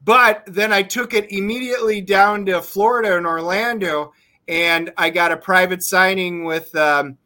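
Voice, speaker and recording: A man on a talk show as a guest, telling animated stories over a video call. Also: high-pitched, moderate pace. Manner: animated storytelling. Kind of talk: casual chat.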